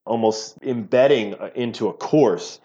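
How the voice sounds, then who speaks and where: A man's voice: lowish voice, unhurried. Middle-aged man explaining, slightly muffled audio. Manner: animated explainer, often repeats words mid-sentence. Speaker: physical therapy professor, guest. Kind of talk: casual interview talk.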